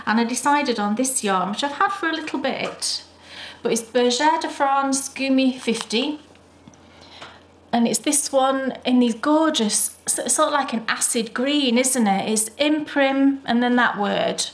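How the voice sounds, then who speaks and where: A British woman co-hosting a knitting podcast, chatting and gushing warmly over her projects. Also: sits high, a little slow, a little hiss or hum. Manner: chatty and enthusiastic, gushing praise. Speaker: podcast co-host. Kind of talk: casual chat. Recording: roomy echo.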